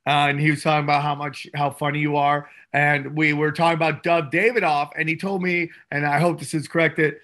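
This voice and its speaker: Bright, excitable male comedian co-host. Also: fairly high pitch, a little fast, hardly any pauses. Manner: excitable, loud bursts and laughing asides. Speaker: podcast co-host. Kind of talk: casual comedy podcast chat.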